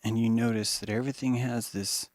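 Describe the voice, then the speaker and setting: A man hosting a podcast, rambling in a monologue that swings from hushed musing to mocking put-on voices, with some swearing. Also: mid-range voice, fairly even intonation, a little fast, dry recording. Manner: profane. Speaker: podcast host.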